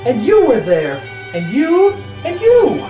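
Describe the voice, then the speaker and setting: A man putting on a breathless, dreamy voice as someone waking from a dream, then bursting into shouting. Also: very high-pitched, wildly swooping pitch, takes it slowly, music in the background, pitched above the performer's own voice, full character voice, rough recording. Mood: dazed.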